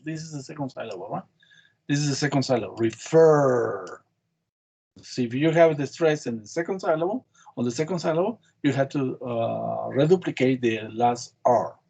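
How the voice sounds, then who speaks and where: A man's voice: fairly high pitch, fairly quick, a little mellow, slightly rough. A man teaching an English class, quizzing students on spelling with short, patient prompts. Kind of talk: online class drilling spelling.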